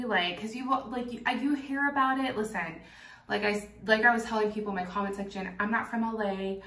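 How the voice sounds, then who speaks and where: A young woman with a mid-range voice tells a candid, animated story straight to camera, laughing easily and swearing freely. Her voice carries the echo of a bare room, picked up from a few feet away. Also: medium pitch, normal speed, distant mic. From Kentucky. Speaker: vlogger. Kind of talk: casual storytime while doing makeup.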